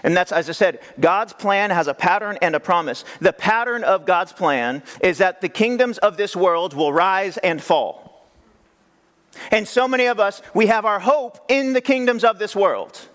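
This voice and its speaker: A male pastor preaching a sermon in a conversational, animated way, with rhetorical questions. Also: normal speed. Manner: animated, acts out quoted voices with big pitch jumps.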